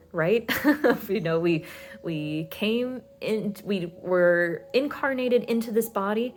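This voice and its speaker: A woman giving a pick-a-card tarot reading, talking in a soothing, reassuring way with many fillers. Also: fairly low pitch.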